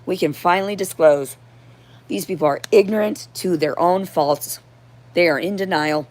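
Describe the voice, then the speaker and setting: A woman talks in a rambling, agitated confessional monologue. Her voice sits a little low, and she swears freely. At its peaks her delivery climbs toward shouting. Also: moderate pace. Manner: rambling and profane, rising to near-shouting.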